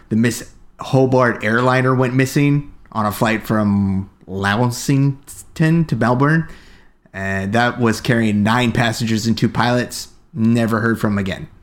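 A man co-hosting a podcast in casual chat, rambling with frequent fillers. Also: lowish voice. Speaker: podcast co-host.

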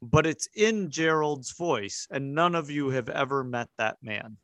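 A man's voice: a little high, expressive, measured pace, a bit bright, dry recording. A man as game master, narrating a tabletop game in a casual, explaining way.

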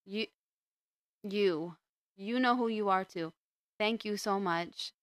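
Chatty woman podcast host, smooth voice. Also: medium pitch, slow pace, no room sound, studio quality. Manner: chatty and rambling, with many restarts. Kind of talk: casual chat.

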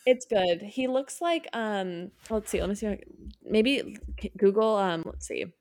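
A woman's voice: mid-range voice, normal speed, a little mellow. A young adult woman co-hosting a casual podcast chat, chatty and playful, laughing often. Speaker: podcast co-host.

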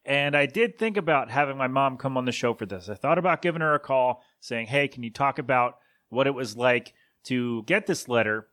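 A man's voice: mid-range voice, animated, brisk, few pauses, fairly bright tone. A man in his thirties hosting a podcast, telling a story in a casual, rambling way that corrects itself as he goes. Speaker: podcast host.

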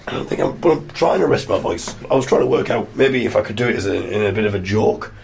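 Hoarse, gravelly Yorkshire man. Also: medium pitch, fast talker, hardly any pauses, darkish tone, a little hiss or hum. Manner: rambling storytelling with self-mocking asides. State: hoarse, losing his voice. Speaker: podcast host. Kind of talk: casual spoken diary.

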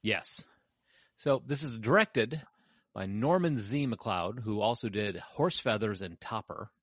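A man's voice: on the low side, animated, unhurried, no echo, clean studio sound. A man hosting a casual podcast chat, reading out film credits and trailing off mid-sentence. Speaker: podcast host.

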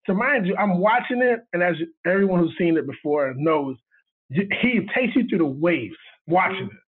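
A man, a video director, tells a story in casual chat, animated and laughing as he acts out what people said. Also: high-pitched, normal speed, slightly rough. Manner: animated, laughing retelling with quoted dialogue. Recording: tinny phone line.

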